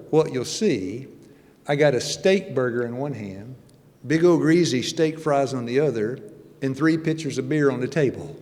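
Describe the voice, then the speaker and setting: A man's voice: medium pitch, a little mellow. A man in his sixties, a church elder, giving a folksy, joking sermon with his personal testimony. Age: 60s. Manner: folksy, joking, conversational preaching. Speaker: church elder and guest speaker. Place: church sanctuary. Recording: long reverb of a church hall.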